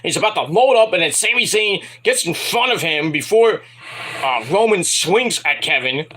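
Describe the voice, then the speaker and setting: Animated, husky-voiced man reviewing wrestling. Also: high voice, moderate pace. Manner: rambling, animated retelling with asides. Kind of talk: casual review vlog.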